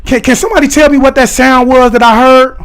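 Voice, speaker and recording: A man chatting casually on a livestream, rambling excitedly and talking directly to his viewers and their comments. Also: extremely high pitch, fast, clear, resonant tone. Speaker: live streamer talking to chat.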